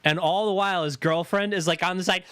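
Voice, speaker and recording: A man's voice: high-pitched, fast talker, slight background noise. A man co-hosting a podcast, telling stories in casual chat, swearing often and acting out the voices of the people he quotes. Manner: profane, animated, acts out quoted voices. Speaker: podcast co-host.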